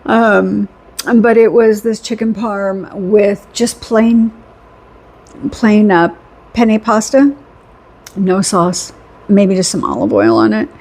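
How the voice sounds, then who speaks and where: A middle-aged woman with a husky, slightly breathy voice tells a story in a rambling, chatty vlog. She laughs often and leans on repeated phrases for emphasis. Her pitch sits in an ordinary middle range. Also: lively intonation, slow pace, long pauses, darkish tone. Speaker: vlogger. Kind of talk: casual storytelling.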